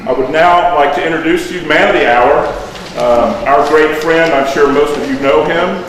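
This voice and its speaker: A man giving a halting introduction speech full of fillers, presenting a guest of honor. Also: on the high side, a bit bright, a little hiss or hum. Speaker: event host introducing the guest. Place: large indoor hall. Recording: echoey hall, distant mic, faint background.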